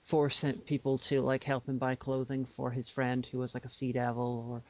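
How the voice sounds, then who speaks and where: A man's voice: mid-range voice, completely flat delivery, normal speed, a little mellow. A man co-hosting a podcast, explaining things in a rambling casual way with many restarts. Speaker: podcast co-host. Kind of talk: casual chat. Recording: dull lo-fi podcast audio.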